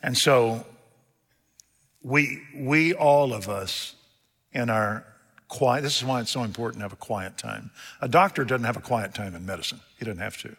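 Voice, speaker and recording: A man preaching a sermon, retelling scripture scenes in plain speech and swinging from loud, urgent peaks to hushed lows. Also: normal speed, breathy edge, big-room sound.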